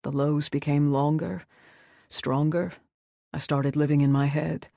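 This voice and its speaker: A woman voicing a troubled male rockstar who speaks softly in a subdued, confessional tone, in an audiobook. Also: little pitch movement, a little slow, vocal fry, dry recording, studio quality. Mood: hushed. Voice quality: soft, low and subdued. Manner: quiet, confessional. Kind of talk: audiobook character voice.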